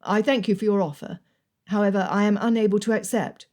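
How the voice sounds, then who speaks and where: A woman voicing a gallant young army colonel who speaks earnestly and a little gruffly. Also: mid-range voice, fairly even intonation, fairly quick, a little mellow, lightly acted.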